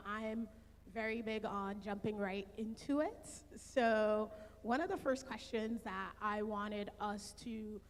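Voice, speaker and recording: A woman's voice: a little high, slight background noise. Earnest woman moderator in a reverberant hall. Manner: earnest, measured, with filler words. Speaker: panel moderator. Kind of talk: opening a panel discussion.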